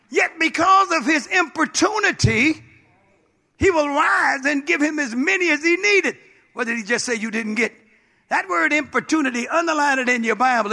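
A man's voice: very high voice, vocal fry, bright, forceful tone. A man pastor preaching a sermon with emphatic, repetitive call-outs to the congregation.

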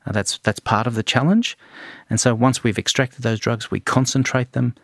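Gravelly-voiced man explaining patiently. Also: medium pitch, steady tone, a bit bright, no room sound, clean studio sound. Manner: measured, with frequent ums and restarts. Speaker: forensic toxicologist. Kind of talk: explanatory interview answers.

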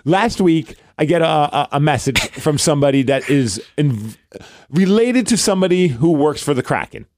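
A man's voice: fairly high pitch, animated, normal speed, a little mellow, no echo, studio quality. A man from Brooklyn with a New York accent, co-hosting a podcast and telling a rambling story in casual chat, acting out what others said. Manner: rambling, restarts often, acts out quoted dialogue. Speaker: podcast co-host.

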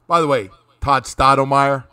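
A man hosting a sports talk show in casual chat, animated and quick to mimic others. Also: medium pitch, clear, resonant tone. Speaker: radio show host.

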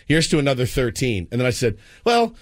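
Talking fast in a medium-pitched voice, this radio sports host in his 40s gives heartfelt on-air remarks, earnest and emotional, restarting often. The studio-microphone recording is dry and clean.

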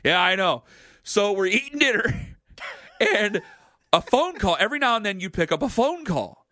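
A man hosting a sports radio show, telling a story in an animated, jokey way. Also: high voice, moderate pace. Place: radio studio.

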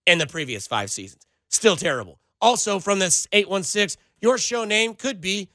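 A man's voice: sits high, lively intonation, normal speed, sharp tone, no echo. A man hosting sports talk radio, sarcastic and ranting as he answers listener texts. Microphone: studio microphone.

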